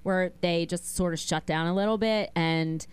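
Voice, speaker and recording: Smooth-voiced chatty young woman. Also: fairly low pitch, fairly even intonation, normal speed. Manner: chatty, lots of "like" fillers. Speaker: talk show co-host. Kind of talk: casual chat.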